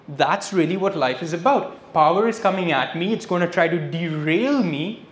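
A man giving a public spiritual lecture, telling stories with a lively delivery and dropping in Hindi phrases. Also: on the high side, moderate pace. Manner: lively storyteller, switching between English and Hindi phrases. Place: lecture hall, indoors. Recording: echoey hall with faint noise.

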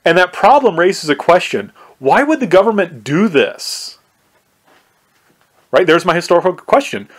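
Guy teaching a history class, kinda high voice, says right a lot, trips over his words. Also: sing-song, normal speed. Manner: conversational, repeats "right?" often; restarts and stumbles often. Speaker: history professor. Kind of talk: recorded lecture.

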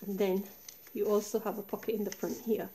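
Picture a woman at her craft table, calmly pointing out each pocket and flap of her project. Her voice is soft and mellow, chatty rather than polished, picked up by a tablet mounted a little way above her. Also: medium pitch, a little fast. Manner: chatty, relaxed, pointing things out step by step. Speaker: craft tutorial maker. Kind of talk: casual show-and-tell craft walkthrough. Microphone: tablet camera set high above the desk.

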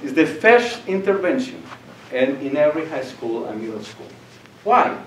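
A man's voice: fairly high pitch, normal speed. An older man from Colombia, giving a public lecture and telling stories, acting out voices and laughing. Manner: animated storyteller, acts out voices and laughs. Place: lecture hall. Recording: echoey room, distant mic, faint noise.

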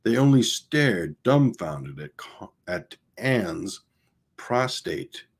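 Low, husky man reading a novel aloud. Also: very animated, slow pace. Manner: unpolished reading with restarts and asides. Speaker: audiobook reader.

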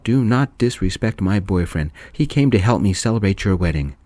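A man's voice: fairly low pitch, expressive, moderate pace, a little mellow, dry recording. A man as an earnest young brother.

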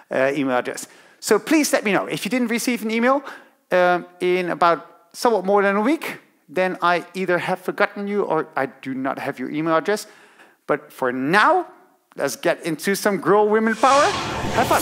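Lively upbeat male fitness coach. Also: a little high. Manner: upbeat and chatty, cheering and counting reps. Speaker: fitness instructor. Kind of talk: workout coaching. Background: loud pop music.

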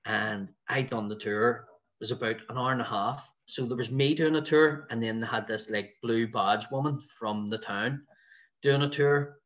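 A man with a West Belfast accent, a guest comedian telling lively stories in casual podcast chat, often chuckling. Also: medium pitch, moderate pace. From West Belfast, Northern Ireland. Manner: lively anecdotal storytelling, chuckling. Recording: slightly dull lo-fi sound.

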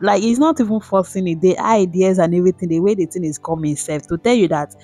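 A woman's voice: fairly low pitch, fast talker, few pauses, warm tone. A Nigerian-accented woman hosting a blog, chatting directly to her viewers. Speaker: blog host. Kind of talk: casual commentary to viewers. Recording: dry close sound with faint music.

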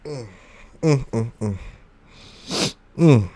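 A man's voice: mid-range voice, expressive, drawn-out words, mellow, a little hiss or hum. A young man gaming and chatting casually, out of breath and burning from hot wings, groaning and joking between exclamations. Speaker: gaming YouTuber.

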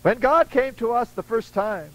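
Older male preacher, folksy sermon storyteller, high and very animated delivery. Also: moderate pace, low-quality recording. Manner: acts out voices in his stories, chuckling asides.

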